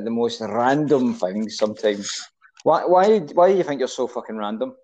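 A man's voice: medium pitch, animated, normal speed, mellow, muffled recording. Guy teasing his mate, laughy banter, regular mid voice. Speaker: interviewer. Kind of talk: casual conversation.

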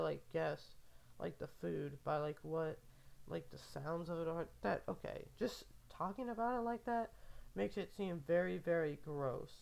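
Young woman, casual solo podcaster; low-ish, gravelly voice, meandering and amused. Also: darkish tone. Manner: rambling, filler-heavy, amused. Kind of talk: casual rambling monologue.

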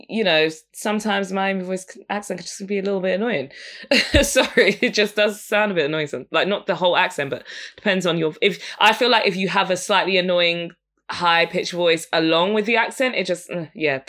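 A woman's voice: medium pitch, a bit bright. A young woman hosting a podcast, giving frank, casual music reviews and often laughing between her points. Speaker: podcast host.

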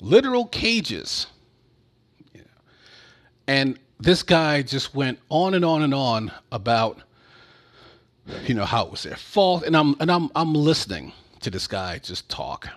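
A man's voice: mid-range voice, animated, unhurried. A man giving casual political commentary in a blunt, sarcastic and profane way.

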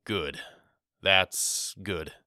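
A man's voice: deep voice, a little slow, pushed and bright, clean tone, dry recording, studio quality, heavily acted. A man voicing a middle-aged father who stammers and mutters evasively in a storybook reading. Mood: awkward.

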